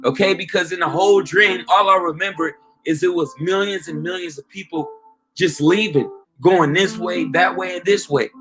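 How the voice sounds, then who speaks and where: A man's voice: sits high, steady tone, normal speed, a bit bright. Fiery man preaching with faint music. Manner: emphatic, peppers talk with "man" and "okay?". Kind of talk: informal street preaching.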